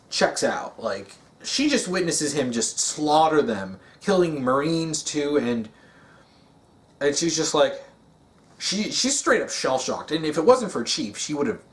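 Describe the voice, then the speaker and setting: A man giving a casual, rambling monologue, with many fillers and restarts. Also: a little high. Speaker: video essayist.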